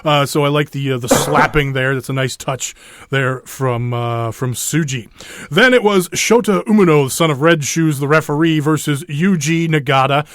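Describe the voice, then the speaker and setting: A man with a fairly high voice co-hosts a podcast, rambling casually through match recaps with lots of fillers and restarts. The sound is dry and close to the mic. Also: normal speed, fairly bright tone, no echo. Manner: rambling, many restarts and fillers, laughs often. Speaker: podcast co-host.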